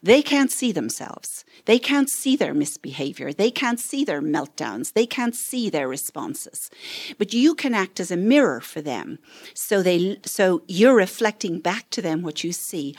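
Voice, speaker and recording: Lively middle-aged woman counselor teaching. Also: fairly low pitch, measured pace, husky. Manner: expressive, acts out parent and child voices. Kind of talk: parenting seminar talk.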